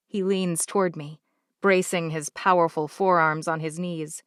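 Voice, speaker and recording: A woman narrates a first-person fantasy audiobook in a measured, unhurried way. Her voice sits slightly low, and the recording is close and dry, with no room sound around it. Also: fairly even intonation, clean tone, dry recording.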